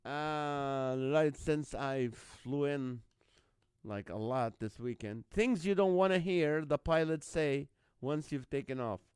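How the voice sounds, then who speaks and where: A man's voice: on the high side, slow pace, a little mellow, clear, resonant tone, no room sound. Chuckling male live-stream host. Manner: laughs often at his own jokes; reads viewer comments and greets viewers by name. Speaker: host of a live comedy show. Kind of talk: live-stream chat reading viewer jokes.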